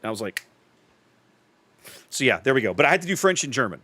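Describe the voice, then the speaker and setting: A man's voice: medium pitch, animated, fairly quick, long pauses, fairly bright tone, dry recording. A man streaming a game, chatting casually with his viewers in a rambling, self-interrupting way. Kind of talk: casual gameplay commentary with chat.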